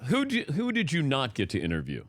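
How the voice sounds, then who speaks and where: Lively man hosting an interview. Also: mid-range voice, fairly quick, dry recording. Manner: brief, curious questions. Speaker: radio show host. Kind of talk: casual interview chat.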